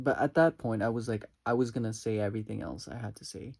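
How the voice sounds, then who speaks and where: Man, casual storytime vlog, rambling and dramatic, husky, gravelly. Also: fairly low pitch, quick pace, hardly any pauses, darkish tone. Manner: rambling, many "like" fillers; dramatic retelling. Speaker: vlogger.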